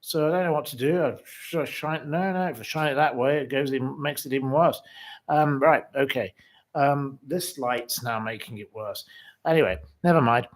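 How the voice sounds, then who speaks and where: A man's voice: mid-range voice, normal speed. Chatty rambling man hosting a livestream. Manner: chatty and rambling, with many fillers and flamboyant asides. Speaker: livestream host. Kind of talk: casual chat reading viewer comments. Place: room in a house.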